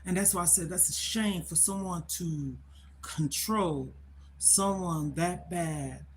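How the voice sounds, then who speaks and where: A woman's voice: on the low side, slow, slight background noise. Chatty older woman telling a story. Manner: emphatic, repetitive, conversational. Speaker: livestream host. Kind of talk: casual livestream storytelling.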